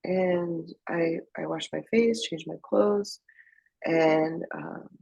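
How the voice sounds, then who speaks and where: Gravelly low-voiced woman from Afghanistan. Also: steady tone, a little mellow, no echo, dull audio. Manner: candid, emotional, halting with restarts. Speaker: interview guest. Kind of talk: personal testimony storytelling.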